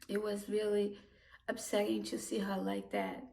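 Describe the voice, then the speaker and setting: A woman telling a personal story about her own life in a halting, emotional way, with broken restarts. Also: medium pitch, sing-song, creaky, warm tone. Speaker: immigrant community worker. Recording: voice distant from the mic.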